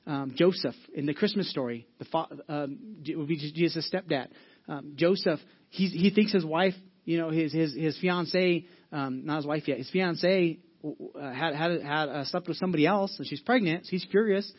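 A man's voice: on the high side, normal speed, highs cut off. A male pastor giving a sermon in an earnest, conversational way, often restarting his sentences. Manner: earnest, conversational preaching with frequent restarts and fillers.

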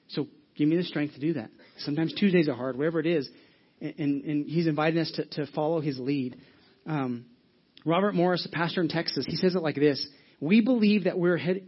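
Husky-voiced man preaching a sermon. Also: a little high, dull audio. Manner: earnest, animated preaching with rhetorical questions. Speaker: pastor.

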